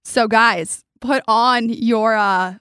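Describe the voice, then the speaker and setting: A woman hosting a podcast in a studio, bubbly and energetic, laughing easily as she chats with her guest. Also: on the high side, drawn-out words, clear, resonant tone, no room sound. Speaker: podcast host. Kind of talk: casual interview chat.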